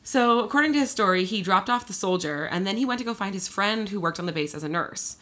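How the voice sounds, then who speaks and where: A woman co-hosting a podcast, telling a story in casual chat, animated and full of fillers. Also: mid-range voice, quick pace. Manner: chatty, animated, many fillers and laughs.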